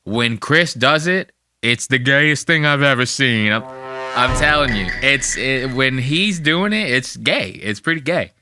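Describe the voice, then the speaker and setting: A man's voice: expressive, unhurried, over music. A man hosting a podcast, mocking and crude as he comments on clips in casual profane talk. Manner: mocking, crude, bursts into high-pitched impressions. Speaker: podcast host.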